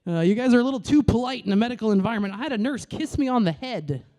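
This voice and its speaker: A woman comedian in her thirties, originally from New York, works a stage mic. She delivers a brash, crude routine with punchy, animated timing. Her voice sits fairly high. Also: racing. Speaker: stand-up comedian.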